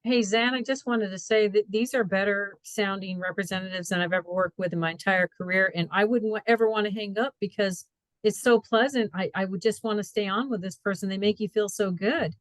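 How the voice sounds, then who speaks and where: A woman's voice: medium pitch, fairly even intonation, brisk, no echo, low-quality recording. Enthusiastic woman attendee, dry sound. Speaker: webinar attendee. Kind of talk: casual chat.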